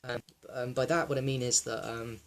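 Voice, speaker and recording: A young man in a raw personal monologue, reflective and halting, with many fillers and restarts, sometimes close to tears. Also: mid-range voice, flat delivery, fairly bright tone. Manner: emotional, close to tears at times. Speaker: wellness vlogger.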